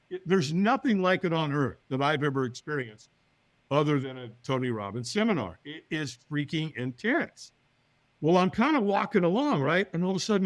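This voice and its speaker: A man telling a personal story as a podcast guest, acting out the other people's lines in higher voices and often checking in with "right?". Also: dry recording. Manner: acts out quoted voices, often with a higher pitch; lively, talks to the listener with "right?".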